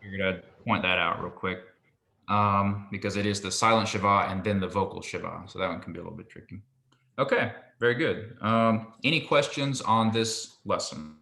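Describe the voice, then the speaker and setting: A man's voice: lowish voice, steady tone, vocal fry, bright, forceful tone. Patient man teaching in an echoey room. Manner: patient, explains slowly and repeats pronunciations. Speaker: Hebrew teacher. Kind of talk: one-on-one language lesson.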